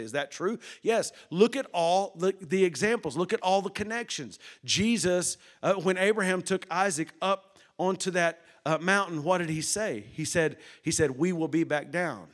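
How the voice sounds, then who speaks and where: Preacher guy, bit higher voice, goes quiet then builds up loud, keeps asking the crowd stuff. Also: moderate pace, few pauses. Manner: dynamic, swings from hushed to loud and emphatic; rhetorical questions to the congregation. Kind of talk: sermon.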